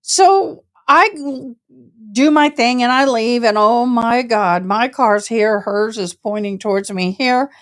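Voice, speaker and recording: Brief: woman, slightly high voice, animated casual storyteller with a colloquial delivery who mimics others. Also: slow pace. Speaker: service dog handler.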